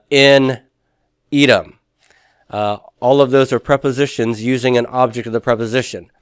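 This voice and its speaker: Smooth-voiced male teacher reviewing a lesson. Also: mid-range voice, no echo, studio quality. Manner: patient, asks questions then answers them himself. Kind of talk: recorded class review lesson.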